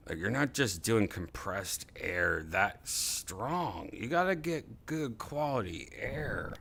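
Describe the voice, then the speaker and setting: A man's voice: lowish voice, sing-song, slow pace, vocal fry, hardly any pauses, a bit bright, a little hiss or hum. A man hosting a podcast, in loose casual chat with rambling, laughing riffs. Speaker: podcast host.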